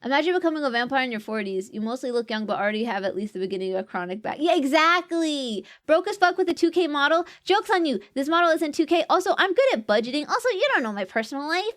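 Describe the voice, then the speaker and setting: A woman's voice: sits high, fairly bright tone. A young woman streamer chatting casually and reading out viewer comments, playful and jokey and often laughing. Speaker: VTuber streamer.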